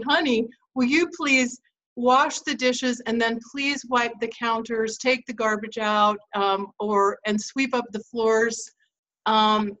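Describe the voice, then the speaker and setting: A woman's voice: a little high, a bit bright, low-quality recording. A middle-aged woman hosting a relationship advice talk, telling stories from her marriage and laughing easily. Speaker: host.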